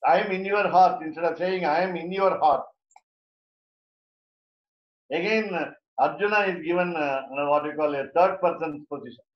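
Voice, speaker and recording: A man teaching a class on Sanskrit grammar in a halting way, with many fillers and repeated words. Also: fairly high pitch. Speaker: teacher of scripture. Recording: roomy, dull lo-fi audio.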